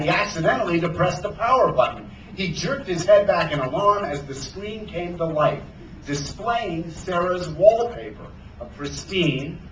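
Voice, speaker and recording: A man reading a children's adventure story aloud to a bookstore audience, his voice rising and falling in a lively, animated way. He sounds a little distant from the mic, and the space is roomy with faint ambience. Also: on the high side, slight background noise.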